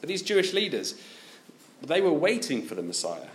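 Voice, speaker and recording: A man's voice: fairly high pitch, huge pitch swings, moderate pace. A man preaching a sermon, asking his listeners many direct questions.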